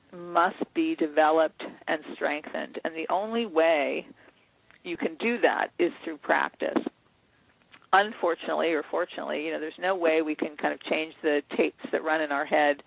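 A man with a fairly high, vocal-fried voice guests on an interview as an author, calling in on a dry, tinny phone line without echo. He's earnest and instructive, voicing inner dialogues as he explains.

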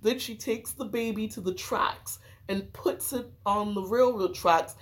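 A woman's voice: medium pitch, measured pace. A woman telling a true crime story in casual podcast chat, with lots of "like" and "um". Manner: chatty, sprinkles "like" and "um".

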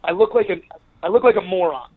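A man's voice: sits high, lively intonation, fast talker, breathy edge. A man, a podcast guest, telling a long story in a rambling casual way with many fillers and restarts. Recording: narrow phone-like line.

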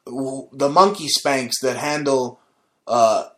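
A man's voice: medium pitch, takes it slowly, pushed and bright. A man hosting his own show, delivering a combative, profane, mocking rant. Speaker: show host. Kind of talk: ranting monologue.

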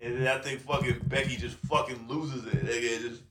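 A man co-hosting a casual wrestling podcast, animated and profane, laughing as he talks. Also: medium pitch, brisk, a little hiss or hum. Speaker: podcast co-host. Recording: roomy and off-mic.

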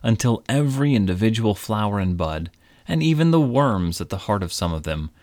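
A man reading a storybook aloud in a measured, old-fashioned, gently wry manner. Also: fairly low pitch, expressive, no room sound, clean studio sound. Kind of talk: storybook narration.

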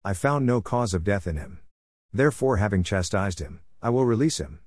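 A man reading the words of a reluctant Roman governor in a plain, measured voice. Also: lowish voice, animated, darkish tone, no echo, clean studio sound. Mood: questioning.

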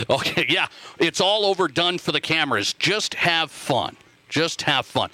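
A man's voice: a little high, expressive, unhurried, bright, forceful tone. A man from Montana hosting a sports radio show, talking emphatically, repeating himself and reading listener texts aloud into a studio microphone. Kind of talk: casual call-in radio talk.

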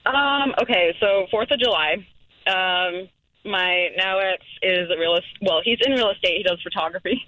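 A woman calls into a radio show and rambles through a story, full of fillers and asides. Her voice is bright and forward. The call sounds dull and lo-fi and dry. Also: on the low side, normal speed, dry recording. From New England. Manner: rambling, lots of "like" and "um". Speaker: caller.

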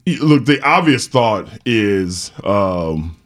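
A man co-hosting a sports talk show who argues his point firmly, with quick asides. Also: on the low side, big pitch swings. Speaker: sports talk radio co-host.

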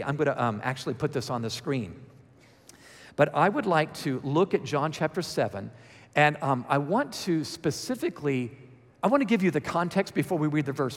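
A man's voice: on the high side, in a large hall. A man preaching a sermon, talking through it conversationally and then building to emphatic, raised passages.

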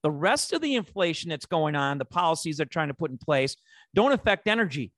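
A man with a Chicago accent hosting a finance podcast, making his points in an animated, rhetorical way. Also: a little high, a little fast, no room sound, studio quality. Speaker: podcast host. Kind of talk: opinionated finance podcast talk.

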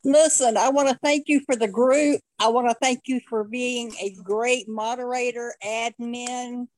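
Tearful high-voiced woman, slow. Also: steady tone, poor audio. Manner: earnest, heartfelt, lists words slowly. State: tearful, near crying. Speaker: fan calling in. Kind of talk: casual podcast chat.

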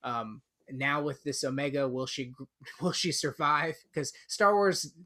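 A man's voice: mid-range voice, unhurried, bright, forceful tone. A man co-hosting a casual podcast, talking with eager enthusiasm. He rambles and restarts his sentences, with plenty of fillers along the way. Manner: rambling, enthusiastic fan talk with frequent fillers. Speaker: podcast co-host. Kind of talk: casual chat.

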